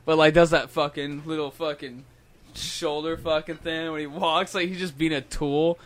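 A man's voice: on the high side, steady tone, normal speed, a crowd in the background. A young man in casual chat, telling a work story with lots of swearing and laughter, acting out his coworker's lines.

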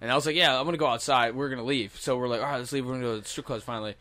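A man's voice: mid-range voice, racing, sharp tone. A young man hosting a podcast, telling a rambling, profane story with frequent laughs. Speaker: podcast host. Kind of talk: casual storytelling chat.

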